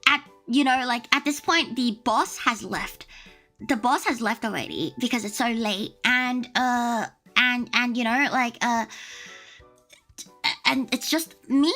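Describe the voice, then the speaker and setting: A young woman from Australia streaming as a VTuber, chatting in an animated, swear-laden storytelling way. Her voice sits high and sounds bright and sharp. Soft music plays faintly underneath. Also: a little slow. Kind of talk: casual storytelling chat.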